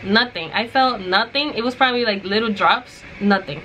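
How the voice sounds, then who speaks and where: A woman's voice: mid-range voice, normal speed, pushed and bright, slight background noise, rough recording. A young woman chatting casually to her vlog viewers, telling a story and acting out what others said. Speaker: vlogger.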